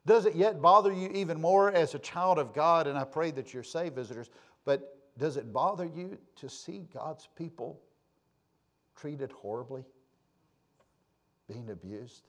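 An unhurried pastor delivers a sermon with a folksy storytelling manner. He swings between loud, emphatic passages and quiet, low asides.

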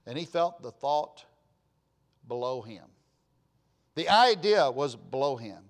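A man preaching a sermon in a folksy way, repeating phrases for emphasis, with sudden loud bursts and quiet asides. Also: mid-range voice, expressive, slow. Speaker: pastor.

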